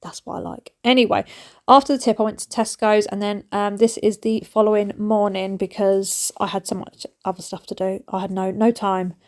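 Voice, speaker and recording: Chatty mum vlogging. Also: female voice, mid-range voice, little pitch movement, normal speed. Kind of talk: casual chat.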